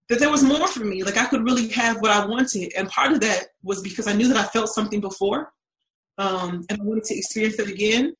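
A woman talking casually as a guest, animated and acting out what she used to say and think. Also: medium pitch, reverberant, low-quality recording. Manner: animated, acts out her past self's voice. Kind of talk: casual chat.

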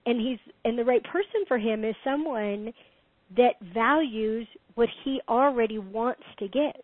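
A woman's voice: fairly high pitch, measured pace, dry recording. Chatty middle-aged woman, tinny dry sound. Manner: animated, laughs often, emphatic advice-giving. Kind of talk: casual conversation.

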